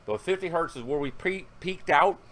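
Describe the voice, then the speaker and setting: A man's voice: on the high side, normal speed, a bit bright. A man, talking casually and rambling in a hobby video, with fillers and self-corrections. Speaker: car audio hobbyist vlogger. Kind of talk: casual vlog narration.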